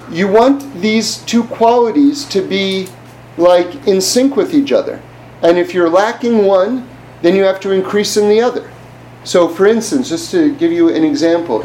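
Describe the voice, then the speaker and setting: A man's voice: high voice, a little mellow, slight background noise, low-quality recording. A man giving an informal religious class in a conversational way, often asking the listener rhetorical questions. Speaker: Torah teacher.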